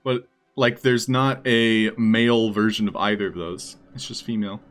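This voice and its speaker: A man's voice: fairly low pitch, steady tone, moderate pace, a bit bright. Rambling male streamer, faint music behind. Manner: rambling, thinking aloud while setting up text-to-speech. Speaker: livestreamer. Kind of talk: casual live-stream chat.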